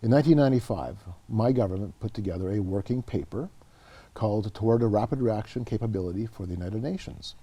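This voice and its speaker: A man's voice: fairly low pitch, fast talker, breathy edge. A middle-aged Canadian man, a guest and author, telling stories earnestly in an interview, often repeating words as he goes. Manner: earnest, animated storyteller who repeats words. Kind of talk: conversational interview storytelling.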